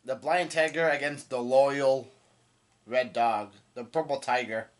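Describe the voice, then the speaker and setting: Halting young man reacting casually. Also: mid-range voice, steady tone. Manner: halting, many fillers and restarts, swears in surprise. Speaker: manga reaction host. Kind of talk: casual live reading and reaction.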